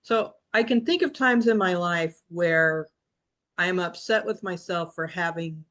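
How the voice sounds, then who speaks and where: A woman's voice: fairly low pitch, unhurried, a bit bright. A woman in a casual group video call, talking reflectively and rambling, often restarting and quoting herself. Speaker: book club member.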